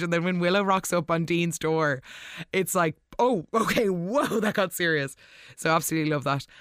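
Recap vlogger: chatty, animated, mid-pitched voice, dry close recording. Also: dry recording. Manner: animated, gushing, quick asides. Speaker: soap opera recap host. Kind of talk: casual episode recap.

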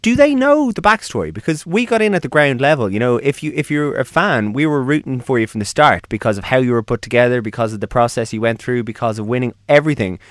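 A man's voice: medium pitch, expressive, fast, hardly any pauses, no echo, clean studio sound. A man, hosting a radio interview in a jokey, teasing, chatty way. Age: 30s. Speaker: radio show host. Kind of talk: casual interview chat.

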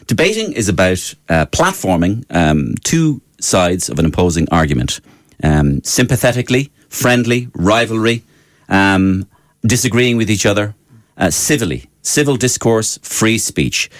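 A man's voice: lowish voice, very animated, measured pace, no echo. A middle-aged man, hosting a radio show and delivering an emphatic opinion piece with many fillers. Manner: emphatic, rising to indignant outbursts with many fillers. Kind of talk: opinion monologue.

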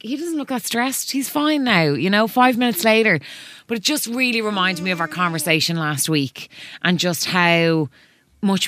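Chatty Irish woman, lowish voice. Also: fairly bright tone, no echo, clean studio sound. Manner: chatty, self-interrupting storyteller. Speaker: podcast co-host. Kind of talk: casual chat. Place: radio studio.

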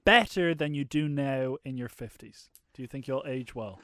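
A man's voice: medium pitch, moderate pace, fairly bright tone. A man co-hosting a podcast in casual chat, teasing his partner with provocative questions. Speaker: podcast co-host.

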